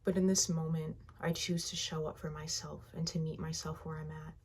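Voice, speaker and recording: A woman guiding a tapping session, speaking slow, heartfelt first-person affirmations that trail off softly at the ends of phrases. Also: sits low, little pitch movement, a little hiss or hum. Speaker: EFT tapping guide.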